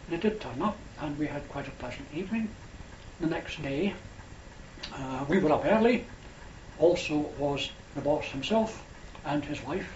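A man's voice: a little high, animated, a little mellow. An older Scottish man recalls an old journey in a slightly raised voice, meandering and correcting himself as he goes. The recording is dull and lo-fi, with a roomy echo and a faint hiss underneath. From Scotland. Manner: rambling, unhurried, with hesitations and self-corrections. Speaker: storyteller. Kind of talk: oral history reminiscence.

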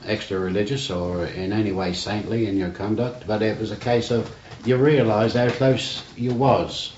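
The voice belongs to an older navy veteran: on the low side, darkish, fairly even in intonation, at a moderate pace. He rambles through stories in an oral history interview, frequently slipping in "you see", on roomy, dull archival tape with faint hiss.

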